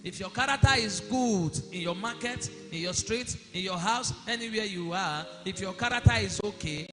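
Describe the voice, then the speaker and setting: A male pastor with preaching a sermon, asking the congregation questions and rising to shouts. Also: high voice, moderate pace. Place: church hall. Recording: long hall reverb with music behind.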